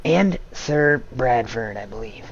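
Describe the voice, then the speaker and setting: A man's voice: mid-range voice, animated, takes it slowly, dull audio, a crowd in the background. A man doing Erky, a meek nerdy prisoner. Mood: fretful. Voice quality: soft, mild, fussy and apologetic. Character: timid nerdy male prisoner, long alone.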